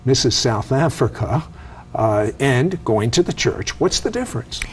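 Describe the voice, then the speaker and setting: Man gently prompting an interview guest. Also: mid-range voice, animated, measured pace, slight background noise. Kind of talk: interview questions.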